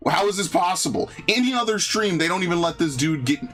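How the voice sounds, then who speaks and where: Exasperated New streamer ranting. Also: male voice, high voice, expressive, fast talker, fairly bright tone, soft background music. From New York. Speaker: game streamer. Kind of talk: live game stream commentary.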